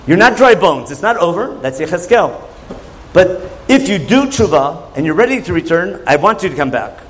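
A man's voice: sits high, very animated, moderate pace, poor audio. A man teaching a Torah class in a conversational lecture, often asking his listeners questions. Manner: questioning, conversational, asks the audience.

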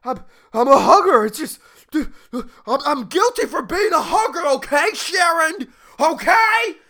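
Man doing a panicky, shouting CEO, high, bright and lively, indignant. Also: unhurried, full character voice. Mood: defensive. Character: frantic trembling male CEO pleading his case.

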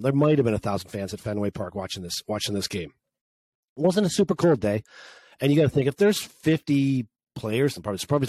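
A man from Canada with a mid-pitched voice talks in a casual chat. He rambles and complains, restarting his sentences, and the sound is dry and close. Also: a little mellow, dry recording. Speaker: podcast co-host.

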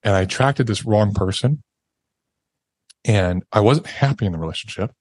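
A man's voice: lowish voice, normal speed, a little mellow, no echo. A man, a podcast guest, telling a raw, emotional personal story and swearing casually as he talks.

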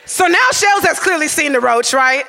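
A man tells a comic story live, animated and constantly checking in with "right?". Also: extremely high pitch, moderate pace, creaky, big-room sound. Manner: animated, keeps asking "right?".

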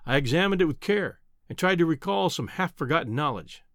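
Lively, dry-voiced male audiobook narrator. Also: on the high side, fairly quick, dry recording. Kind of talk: scripted first-person narration.

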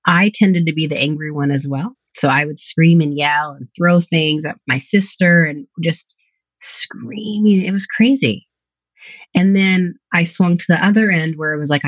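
Speaking in a low voice on a dry recording, this woman is a psychotherapist guesting on a podcast. She candidly shares reflective stories drawn from her clients and her own life.

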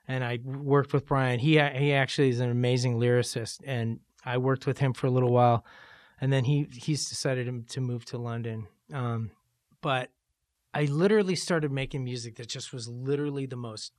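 A middle-aged man, a rock musician, talking casually in an interview, animated and profane. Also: mid-range voice, dry recording, studio quality. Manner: animated, profane, jumps into loud mock voices.

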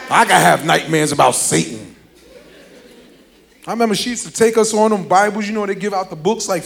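A man's voice: sits high, vocal fry, a bit bright. A man performing a stand-up comedy routine, telling family stories animatedly and laughing through lines.

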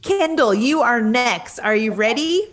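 A woman's voice: fairly high pitch, animated, unhurried. A woman hosting a casual podcast, chatting animatedly, swearing freely and counting her co-hosts into each segment. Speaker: podcast host. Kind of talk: casual sports podcast chat.

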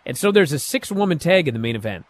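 A man casually recapping a wrestling show, animated and sarcastic, acting out quotes with sudden bursts. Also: fairly high pitch, fast talker.

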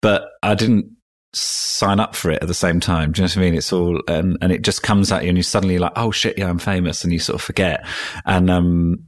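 Man, very low voice, rambling self-deprecating anecdotes, podcast guest. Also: steady tone, fairly quick. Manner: chatty, self-mocking storytelling with frequent ums and restarts. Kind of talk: casual podcast chat.

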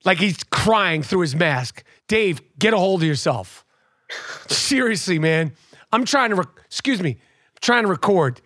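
A man hosting a podcast, teasing his co-host in rapid, loud banter. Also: sits high, expressive, dry recording, studio quality.

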